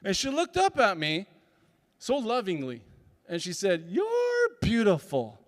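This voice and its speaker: High-voiced man telling a story in a hall. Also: unhurried. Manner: animated storyteller acting out dialogue. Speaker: speaker and comedian. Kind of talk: personal storytelling talk at a summit. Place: large conference hall. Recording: long hall reverb.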